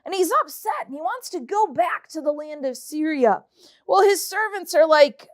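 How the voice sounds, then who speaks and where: A woman with a high voice leads a children's Bible lesson at a slightly slow pace. She reads scripture aloud, then retells it as lively, casual storytelling.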